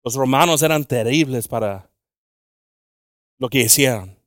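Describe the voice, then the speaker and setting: A male preacher delivering a bilingual sermon, moving from quiet, halting, intimate talk to loud, slow, drawn-out scripture reading. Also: mid-range voice, no echo, clean studio sound. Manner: halting, with frequent fillers and restarts.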